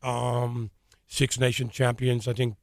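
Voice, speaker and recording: Relaxed Irish man, studio guest. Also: mid-range voice, slow pace, no echo. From Ireland. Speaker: studio guest, soccer coach. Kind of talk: casual radio interview. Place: radio studio.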